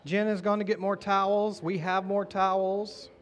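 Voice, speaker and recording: A man's voice: high voice, flat delivery, moderate pace. A man pastor leading a baptism service, chatty and encouraging with the people coming forward. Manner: warm, encouraging, chatty asides.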